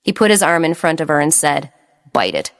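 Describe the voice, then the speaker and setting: A woman narrates a romance novel in a steady, even reading voice. Her pitch sits a little low for a woman, and the pace is measured. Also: gravelly. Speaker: audiobook narrator. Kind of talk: scripted narration.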